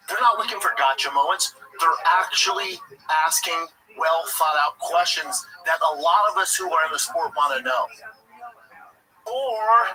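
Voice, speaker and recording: A man's voice: a little high, pushed and bright, low-quality recording. A man hosting a livestream, delivering a blunt, profane, indignant rant about a sport. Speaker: livestream host. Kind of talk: heated commentary rant.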